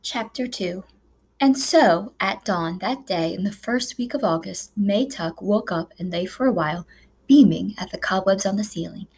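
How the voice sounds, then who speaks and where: A woman reading a children's novel aloud as a narrator, with measured, expressive storytelling. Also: medium pitch, slightly rough. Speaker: audiobook narrator. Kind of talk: scripted narration.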